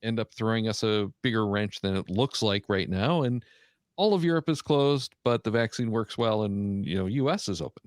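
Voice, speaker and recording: Low-voiced man, halting podcast host. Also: lively intonation, dry recording, clean studio sound. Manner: halting, many "uh" fillers while reading out a list. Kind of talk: casual podcast chat.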